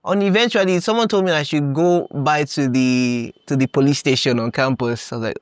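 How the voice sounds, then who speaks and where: A young man from Nigeria hosting a podcast, telling stories in a casual, animated way, laughing often and acting out his own past thoughts. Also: medium pitch, brisk, hardly any pauses, clean tone, dry recording, studio quality. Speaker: podcast host. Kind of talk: casual storytelling monologue.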